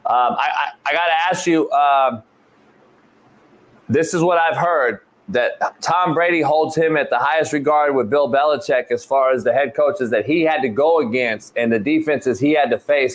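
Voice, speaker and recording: A man from California hosting a sports talk show, excitable and profane as he trash-talks and asks questions. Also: mid-range voice. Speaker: host.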